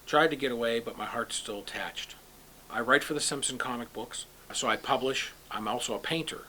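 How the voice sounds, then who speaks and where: A man's voice: mid-range voice, brisk, slight background noise. A middle-aged man from Youngstown, Ohio, a painter, telling personal stories in a documentary interview and acting out the voices of people he quotes. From Youngstown, Ohio, USA. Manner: animated storyteller, acts out quoted dialogue. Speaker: painter and comic book writer interviewed.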